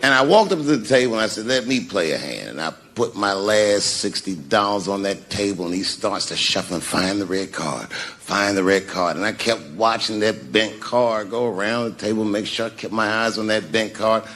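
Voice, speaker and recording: A man telling stand-up comedy stories, acting out the people in them and dropping to a hushed mumble for sheepish asides. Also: fairly low pitch, normal speed, a little hiss or hum. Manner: animated, acts out the voices of people in his stories.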